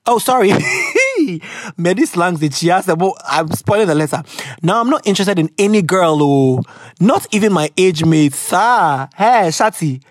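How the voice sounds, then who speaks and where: A woman's voice: fairly low pitch, sing-song, a little slow, dry recording. A young woman hosting a podcast and reading listener letters in a casual, chatty way. She laughs often, wanders off on tangents and mixes Twi slang into her talk. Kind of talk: casual chat.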